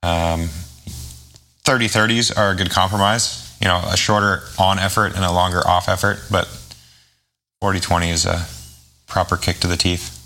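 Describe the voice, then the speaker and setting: A man's voice: deep voice, steady tone, normal speed, pauses often, sharp tone, faint music behind. A man on a podcast talking casually about cycling training, rambling and correcting himself as he goes. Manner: rambling, chatty, self-correcting.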